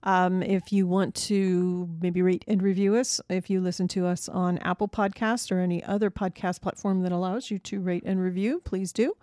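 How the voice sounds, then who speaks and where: A woman's voice: lowish voice, steady tone, normal speed, hardly any pauses, dark tone, no room sound, clean studio sound. A middle-aged woman co-hosting a podcast, chatty and casual, often hedging with "you know". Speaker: podcast co-host.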